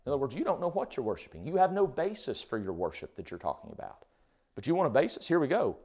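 A man's voice: mid-range voice, very animated, fast talker, a little mellow. A man preaching a sermon in a conversational way, full of rhetorical questions.

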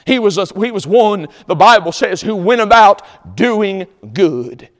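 A man preaching in a church sanctuary, his voice high and lively, leaping up and dropping down as he drives his points home. He swings from loud, emphatic exhortation to near-hushed asides, and a long hall reverb trails every phrase. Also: measured pace. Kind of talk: sermon.

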